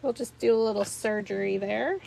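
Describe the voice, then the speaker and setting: A woman's voice: mid-range voice, a little fast, gravelly, warm tone. A woman hosting a live paper flower tutorial, talking through each step as she works and chatting and laughing with viewers. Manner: chatty, giggly, talks through steps while working.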